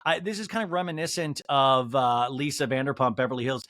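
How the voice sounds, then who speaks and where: A man hosting a comedy podcast, recapping a reality show episode and acting out the cast members' lines in quick put-on voices. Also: mid-range voice, fairly bright tone, dry recording. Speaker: podcast host.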